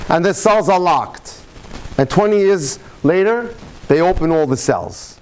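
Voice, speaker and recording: A man lecturing as a rabbi to a live audience in a room, telling jokes and stories with lively shifts in speed. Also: on the high side, slight background noise. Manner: animated storytelling, speeds up and slows down.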